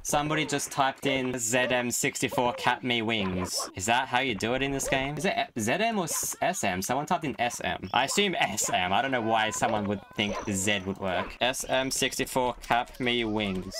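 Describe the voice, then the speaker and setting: With game music and other background noise behind him, a young gaming YouTuber talks at a normal speed in a medium-pitched voice, barely pausing. He keeps up excitable, jokey play-by-play, speaking to the game and to chat.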